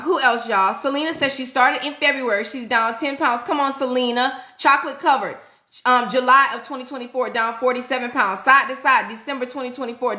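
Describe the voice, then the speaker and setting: A middle-aged woman nurse hosting a casual livestream, excitedly reading viewers' comments aloud and hyping them up. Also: fairly high pitch, reverberant. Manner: excitable, hypes viewers up, frequent "y'all".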